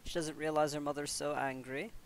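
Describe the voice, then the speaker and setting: Guy chatting through a game playthrough, slightly high voice, faint hiss in the background. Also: flat delivery, brisk. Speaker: host. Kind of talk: game commentary.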